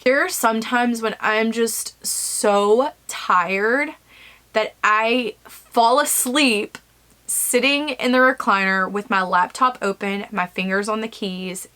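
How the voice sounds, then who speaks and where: A woman's voice: on the high side, pushed and bright. A woman author talking frankly to camera alone in her home office, rambling a little and using many fillers. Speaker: self-published author. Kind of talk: candid vlog talk to camera.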